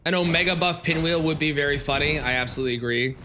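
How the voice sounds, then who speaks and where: A man's voice: fairly high pitch, fast talker, background noise. A man casually commenting on his live game stream, chatting with viewers and breaking into yelps and exclamations at enemies.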